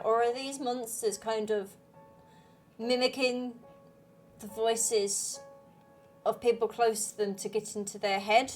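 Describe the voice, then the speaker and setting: A woman's voice: on the high side, flat delivery, slow, long pauses, soft background music. A woman hosting a gaming channel, talking through a story game in a thoughtful, speculative way. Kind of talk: game commentary.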